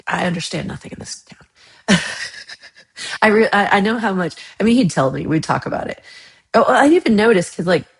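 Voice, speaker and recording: A woman's voice: mid-range voice, animated, normal speed, creaky, pauses often. A woman hosting a livestream chat, casually rambling about her week with frequent laughs, sounding a little under the weather. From United States. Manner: chatty, rambling, laughs often. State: slightly unwell after a bad night. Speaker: livestream host. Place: home.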